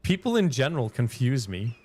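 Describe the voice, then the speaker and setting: A man's voice: medium pitch, sing-song, fairly quick, darkish tone, a little hiss or hum. A man giving casual live-stream commentary while playing a game, rambling, swearing freely and laughing often.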